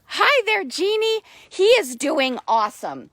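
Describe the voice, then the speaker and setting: A woman giving a casual live video update about her horse, excitable and gushing, repeating herself, talking into a phone held close outdoors. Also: high-pitched, measured pace, dry recording. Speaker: horse owner vlogger.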